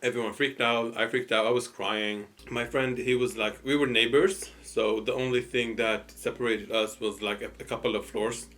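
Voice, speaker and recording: A man's voice: medium pitch, fairly even intonation, normal speed, few pauses, a bit bright. A man casually telling a personal story while eating, hesitant and full of fillers and restarts. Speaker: storytime host.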